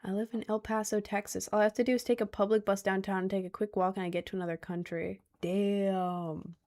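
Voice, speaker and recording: A woman's voice: medium pitch, flat delivery, brisk, a little mellow. A young woman streaming and reading her chat, giggly and rambling, full of slang and self-conscious asides. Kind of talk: casual live-stream chat.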